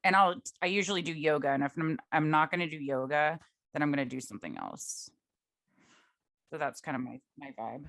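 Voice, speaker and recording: Young woman cohosting a podcast, kinda low voice, rambly, says like a lot. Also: lively intonation, brisk, a bit bright. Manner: chatty, lots of "like", laughs often. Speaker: podcast co-host. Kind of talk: casual chat.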